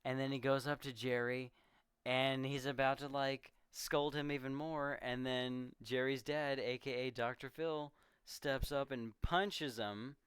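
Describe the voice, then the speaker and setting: A man co-hosting a podcast, recapping a movie in casual chat with animated storytelling. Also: medium pitch, measured pace, clean tone, dry recording, studio quality. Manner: animated storytelling, jumps into quoting characters. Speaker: podcast co-host.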